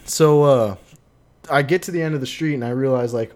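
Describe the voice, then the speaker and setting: A podcast co-host with a fairly high, darkish male voice tells a long story at a moderate pace. He swears freely, rambles, and acts out what people said.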